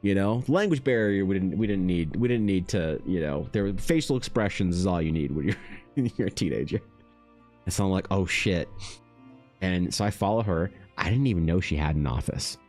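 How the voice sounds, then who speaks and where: A young man from Canada with a very low, deep voice tells a rambling story on his art stream. He talks in an animated, casual way, swearing freely and restarting sentences, while faint music plays underneath. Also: fairly quick. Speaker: artist streamer.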